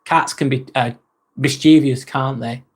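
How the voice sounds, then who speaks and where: A man's voice: mid-range voice, fairly even intonation, a little slow, husky. A man in his forties hosting a casual live stream, rambling and chatty as he reads out and answers viewer comments, with mild swearing. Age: 40s.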